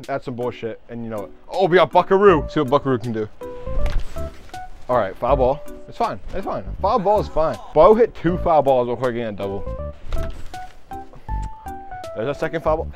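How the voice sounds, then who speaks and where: A young man giving excitable, swearing commentary while playing a motion-control sports game at home. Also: mid-range voice, moderate pace, pauses often, faint music behind. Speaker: gaming YouTuber. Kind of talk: gameplay commentary.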